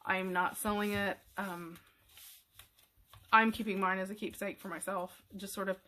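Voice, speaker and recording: A middle-aged woman hosting a craft tutorial, talking casually in a rambling, halting way with many fillers and restarts. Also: mid-range voice, steady tone, bright, forceful tone, a little hiss or hum. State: emotional, near tears.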